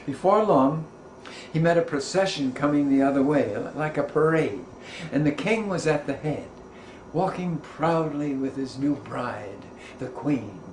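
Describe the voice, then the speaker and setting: A man's voice: on the high side, expressive, measured pace. A man telling a children's story aloud with playful, rhythmic sound words, in a roomy echoing recording. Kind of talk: storybook narration. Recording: roomy echo, faint background noise.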